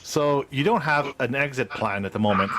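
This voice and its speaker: A man's voice: medium pitch, normal speed, very noisy. A man acting as game master over a video call, casually describing scenes and explaining rules to young players with plenty of fillers.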